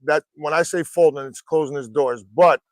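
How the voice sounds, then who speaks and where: A man with a noticeably high voice tells wrestling stories on a podcast, lively and full of swearing. His voice is recorded close and dry, with no room sound. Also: moderate pace, no echo. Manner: animated, profane anecdotes. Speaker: wrestling trainer. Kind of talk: casual podcast storytelling.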